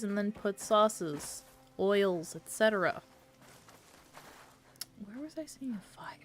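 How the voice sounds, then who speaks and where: A woman VTuber with a fairly high, bright voice and a forceful, clean tone streams herself gaming. She chats casually and playfully, rambling from one topic to the next and talking back to the game.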